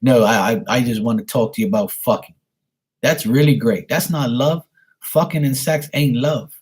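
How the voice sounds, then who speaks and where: A man's voice: medium pitch, moderate pace, darkish tone, breathy edge. A man hosting a casual live stream and chatting with viewers, speaking bluntly with plenty of profanity and a rambling flow.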